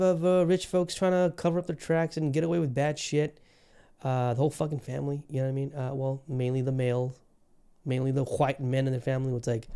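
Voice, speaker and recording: Swearing podcast host with a put-on Southern drawl. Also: male voice, medium pitch, steady tone, quick pace, dark tone. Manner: profane, rambling, fired up. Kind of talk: casual solo podcast monologue.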